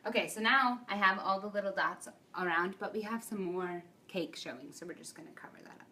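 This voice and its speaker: A woman's voice: mid-range voice, brisk, pushed and bright. A woman hosting a casual baking demonstration in a kitchen, chatty and encouraging. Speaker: baking host. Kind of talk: casual cooking demo chat. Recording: distant mic with faint room noise.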